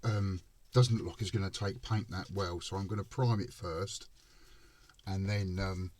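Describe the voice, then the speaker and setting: A man's voice: sits low, fairly even intonation, a little slow, a little mellow, slight background noise. A man casually narrating his scale model build, chatty and often breaking into giggles. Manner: giggly, keeps breaking into laughter. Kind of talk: casual hobby video narration.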